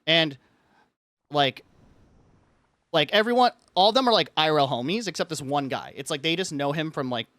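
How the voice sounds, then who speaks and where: A man's voice: a little high, animated, normal speed, pauses often, a bit bright, dry recording. A man streaming live, telling a story in casual chat, rambling and filling his talk with "like" as he rants. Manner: rambling, says "like" constantly; frustrated ranting.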